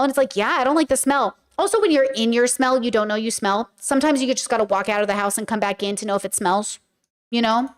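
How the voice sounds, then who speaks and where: A woman's voice: fairly high pitch, fast. A woman podcast host giving casual, chatty commentary on a clip, acting out quoted lines as she talks.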